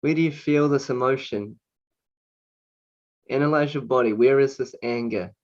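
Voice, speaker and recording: A man coach leading a guided anger exercise, slowly repeating single words over and over. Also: medium pitch, a little mellow, dull audio. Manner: slow, repetitive chanting of single words.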